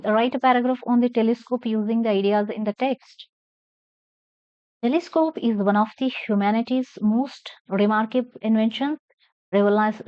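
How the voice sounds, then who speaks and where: A woman's voice: on the high side, smooth, no room sound, muffled recording. A woman teaching an English lesson, spelling words letter by letter and stressing syllables as she reads aloud.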